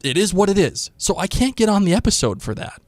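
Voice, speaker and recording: Animated man co-hosting a podcast. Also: high-pitched, quick pace, no echo, studio quality. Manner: animated, quotes characters in put-on voices. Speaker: podcast co-host. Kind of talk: casual chat about a TV episode.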